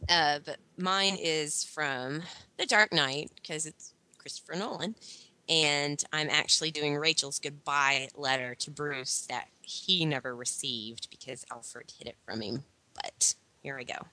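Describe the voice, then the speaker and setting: A woman's voice: deep voice, steady tone, measured pace, pushed and bright. A woman guest on a casual podcast, teasing the host with wry banter.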